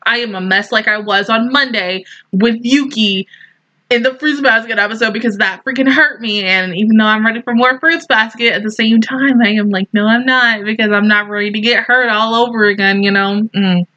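A woman's voice: a little high, normal speed, bright, forceful tone, dry recording, dull audio. A young woman reacting to an anime, emotional and exclaiming as she talks to the screen. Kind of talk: casual reaction commentary.

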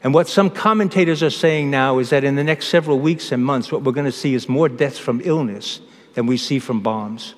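Priest preaching in a reverberant church. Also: male voice, medium pitch. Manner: measured preaching with pauses and restarts. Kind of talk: homily.

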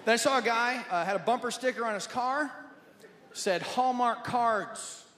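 A man from Nebraska doing animated, jokey stand-up comedy in front of a live audience. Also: extremely high pitch, a little fast, some chatter behind, a little hiss or hum. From Nebraska, USA. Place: large venue with audience. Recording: live in an echoey hall. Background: loud audience laughter.

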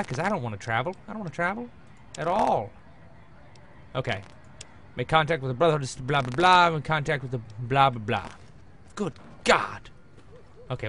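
A man's voice: medium pitch, fairly bright tone, slight background noise. A young man commentating his gameplay in a jokey, rambling way with frequent exclamations. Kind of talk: let's play commentary.

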